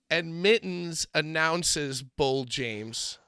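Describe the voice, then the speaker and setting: A man co-hosting a casual podcast chat, telling stories with animated delivery and acting out quotes. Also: fairly high pitch, drawn-out words, smooth, no room sound, clean studio sound. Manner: animated storytelling, acts out quotes. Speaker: podcast co-host.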